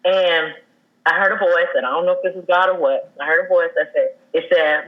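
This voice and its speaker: A woman in her thirties speaks as a guest, telling a deeply personal story in a candid, conversational way. She pauses often, restarts her phrases and leans on fillers. The recording sounds a little muffled and lo-fi. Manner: earnest and halting, with many fillers and restarts.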